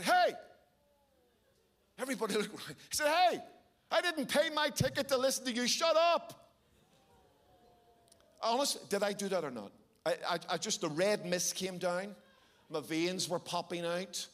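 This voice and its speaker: A middle-aged Irish man preaching a sermon, telling stories with animated, sometimes shouted bursts. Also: high-pitched. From Ireland. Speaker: pastor.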